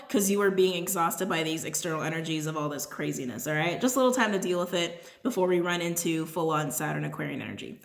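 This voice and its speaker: A woman's voice: fairly low pitch, lively intonation, quick pace, hardly any pauses, echoey room. A woman giving a casual, rambling tarot reading to her viewers, often tagging her points with "right?". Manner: chatty and rambling, with frequent "right?" asides. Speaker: tarot reader.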